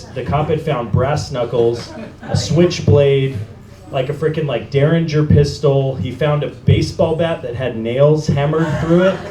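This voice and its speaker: A man's voice: fairly high pitch, warm tone. A man hosting a live storytelling night and telling a story on stage, laughing often as he goes. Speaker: event host and storyteller. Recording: echoey room, noisy live venue.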